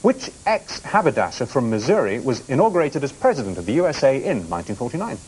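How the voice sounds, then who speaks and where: A male game show host working a TV studio, reading out questions and ribbing the contestants with a jokey, teasing manner. His pitch swings up and down with lots of life, and a faint hiss sits under the recording. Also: big pitch swings, fast talker, a little mellow, poor audio. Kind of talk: TV quiz hosting.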